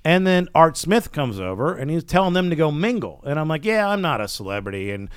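Guy on a podcast, tells stories all animated, pitch jumps everywhere, dry close mic. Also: brisk, clear, resonant tone, no echo. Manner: animated storyteller, acts out quoted people. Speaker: podcast host. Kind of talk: casual storytelling chat.

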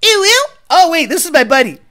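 A streamer putting on a shrill gushing car-meet onlooker. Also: very animated, a little fast, sharp tone, full character voice.

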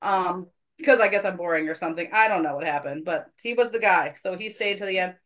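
A woman's voice: fairly low pitch, fast, a bit bright. A woman hosting a faith podcast, telling a personal church story in casual conversation, earnest and self-deprecating.

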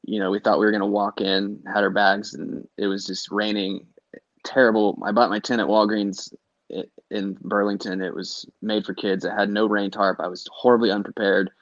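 A middle-aged man with a fairly low voice rambles through his old concert-trip stories, swearing freely and slipping into other people's lines. The sound is dry and a little dull, like a close podcast mic. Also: level tone, moderate pace, no echo. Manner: rambling storyteller, swears freely, acts out quotes. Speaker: guest telling concert stories. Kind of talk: casual podcast chat.

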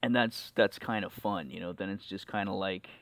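A man's voice: deep voice, steady tone, moderate pace, fairly bright tone, dry recording. A man being interviewed as a guest musician, talking enthusiastically and rambling with plenty of fillers. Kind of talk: casual interview chat.

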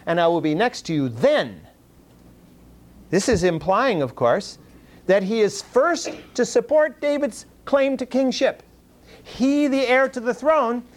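Man preaching a lively sermon. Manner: animated, rising sharply in pitch for emphasis; repeats words and restarts phrases. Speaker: pastor.

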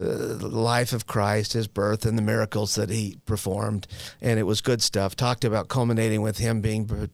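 A man's voice: on the low side, gravelly, dry recording. A man in his forties, a guest telling his recovery story in a frank, self-deprecating way with wry humor and slangy asides. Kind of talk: candid personal storytelling.

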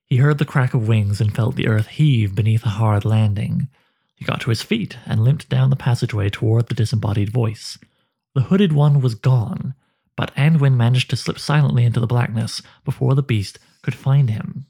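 A man narrating a dark fantasy story in a slow, measured way. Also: mid-range voice, creaky, husky.

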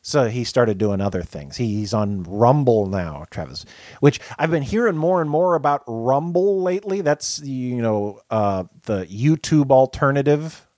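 A man co-hosting a podcast in casual chat, animated and laughing often. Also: medium pitch, a little slow, dry recording, studio quality. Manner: animated, laughs often, keeps saying the co-host's name. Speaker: podcast co-host.

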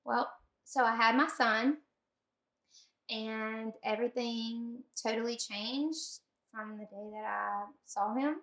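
A Southern U.S. woman in her 30s, a guest in a casual chat, recounts stories from her life as a chatty, animated storyteller. Her voice sits on the high side and she takes her time, with the room sounding echoey.

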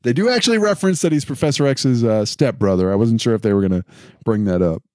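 A man's voice: mid-range voice, lively intonation, fast talker, a little mellow, no echo, clean studio sound. A man co-hosting a casual chat, steadily recapping events with occasional fillers. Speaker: podcast co-host.

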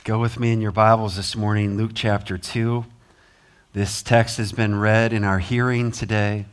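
A man's voice: fairly low pitch, flat delivery, moderate pace, smooth. A man preaching a sermon as pastor, earnest, with rising emphasis, American accent. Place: church sanctuary.

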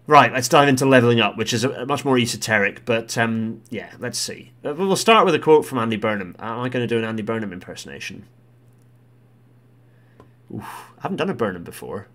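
A man working through a report line by line, blunt, exasperated and willing to swear. His voice is very lively and swings freely in pitch. He breaks into loud, heated rants. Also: brisk. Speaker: commentator. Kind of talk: commentary on a policy report.

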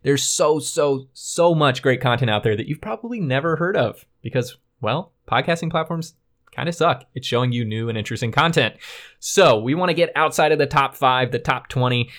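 Guy hosting a comedy podcast, upbeat scripted intro, mid pitch. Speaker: podcast host.

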